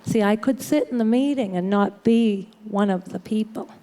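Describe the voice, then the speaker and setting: A woman's voice: mid-range voice, moderate pace, dark tone. A woman speaking to a live audience in a hotel conference room, telling a humorous personal recovery story with a wry manner and frequent laughter. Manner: wry, laughs often, acts out quoted people.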